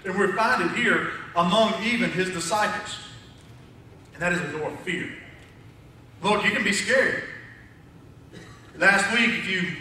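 A man's voice: sits high, pushed and bright, a little hiss or hum. A man preaching a sermon to his congregation in a conversational, joking way. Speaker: pastor. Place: church sanctuary. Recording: echoey church from far off.

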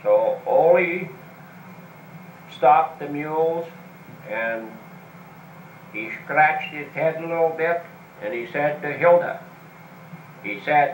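A man tells old jokes to his family at a slow, halting pace. His stories are dotted with uh's and false starts. The camcorder picks him up from far across an echoey home room, with a faint hum behind him. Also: on the high side. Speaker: family joke teller. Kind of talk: casual joke telling. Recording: roomy home video from afar.

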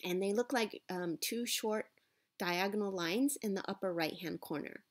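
A woman's voice: mid-range voice, moderate pace. A woman teaching a language lesson, explaining patiently with small fillers and asking "right?" to check understanding. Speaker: Japanese teacher.

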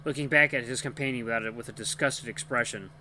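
Guy reading a visual novel, really bright sharp voice, faint hum behind. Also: mid-range voice, fast talker. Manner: expressive reading, occasional slips. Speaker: gaming channel host.

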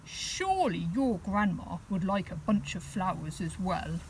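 Woman doing a crafty storybook wolf, sweet then growly, slow and sing-song. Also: on the low side, animated, a little mellow, slight background noise, rough recording. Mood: sly. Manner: cunning, growling when threatening. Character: sly hungry male wolf in disguise.

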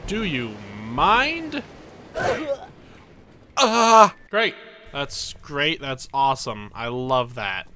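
A young man giving excitable let's play commentary, narrating his own moves with dramatic panic. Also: medium pitch, slow pace, a little hiss or hum. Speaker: gameplay commentator.

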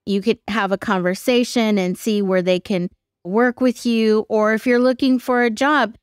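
Woman podcast host, smooth clear voice, dry close mic; engaged and affirming. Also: mid-range voice, fairly even intonation, moderate pace, dry recording. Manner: engaged, affirming, thinks aloud. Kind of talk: conversational interview.

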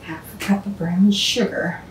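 A woman's voice: medium pitch, fairly even intonation, unhurried, noisy background. A woman hosting a home cooking show, chatting casually and rambling into stories as she cooks. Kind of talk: casual cooking demonstration with storytelling. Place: home kitchen. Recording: echoey kitchen, mic at a distance. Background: clatter of dishes and utensils.

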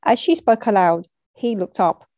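A woman narrates a short story in a measured, matter-of-fact way, with bits of street slang. Her voice is mellow and mid-pitched. The recording is dry and close. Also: no room sound. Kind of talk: reading a short story aloud.

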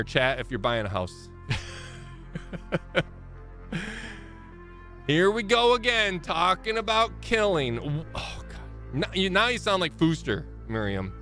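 A man's voice: high-pitched, pushed and bright. A man in his thirties hosting a live game stream, chatting casually and rambling, often correcting himself and laughing.

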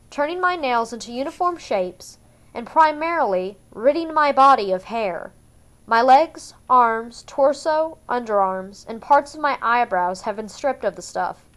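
A woman reading a first-person novel aloud for a fan-made audiobook, in a measured, subdued way. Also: a little high. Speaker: audiobook reader.

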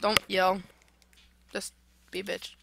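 A young woman hosting a casual game playthrough, excitable, swearing and yelling at the game. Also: mid-range voice, slow, vocal fry, slight background noise. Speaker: gaming channel host. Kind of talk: casual let's-play chat.

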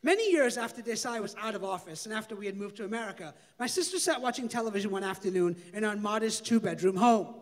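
A man with a very high voice reads his comic memoir aloud. His delivery is dry and deadpan. He lets the story carry the jokes. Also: fast, hardly any pauses. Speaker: author reading his memoir.

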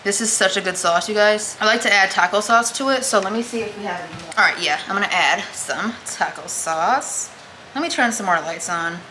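A woman's voice: medium pitch, brisk, pushed and bright, slight background noise. A young woman vlogging while she cooks in her home kitchen, chatting to herself and her viewers. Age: young adult. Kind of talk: casual vlog chatter while cooking. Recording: echoey kitchen with clattering dishes. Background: cutlery and dish clatter.

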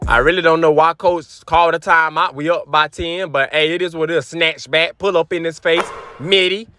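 A young man giving loud, animated trash-talk commentary over his basketball video game to his chat, sometimes slipping into a sing-song. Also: on the high side, normal speed, dry recording, clean studio sound, soft background music. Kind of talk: hyped gameplay commentary.

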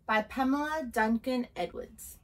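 A woman reading a children's picture book aloud, in a gentle, expressive storytelling manner. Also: fairly high pitch, measured pace, far from the mic, rough recording.

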